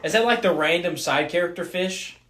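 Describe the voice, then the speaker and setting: A man who works as a college pastor, talking in a relaxed, easygoing way, often saying "dude" and "man". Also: high voice, fairly quick. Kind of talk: casual interview chat. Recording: roomy echo.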